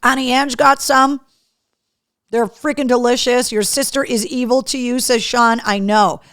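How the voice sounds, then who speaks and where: This radio host runs a live webcast from a small home studio, chatting casually and bluntly, swearing freely and reading viewer comments while eating with her mouth full. Her voice sits on the high side with fairly even intonation and a fairly bright tone, and she speaks unhurriedly. The recording is dry and studio quality.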